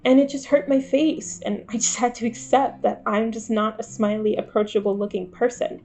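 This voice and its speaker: A woman's voice: fairly high pitch, fairly even intonation, normal speed, dark tone. A woman in her twenties talking candidly to camera in a vlog, wry and self-deprecating. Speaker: vlogger. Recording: faint guitar music behind.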